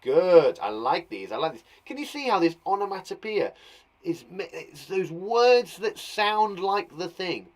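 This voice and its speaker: A man's voice: high voice, sing-song, unhurried. A young British man teaching young children in an online lesson, playful and encouraging, acting out sound words with gasps and laughs. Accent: British English. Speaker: primary school teacher. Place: garden shed classroom.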